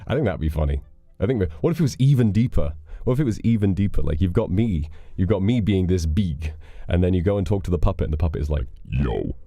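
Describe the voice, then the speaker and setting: Deep voiced guy rambling on his stream, thanks donos, swears casually, low mellow tone. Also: lively intonation, fast talker, few pauses, dry recording, faint music behind. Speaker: livestreamer. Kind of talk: casual stream chat reading donations.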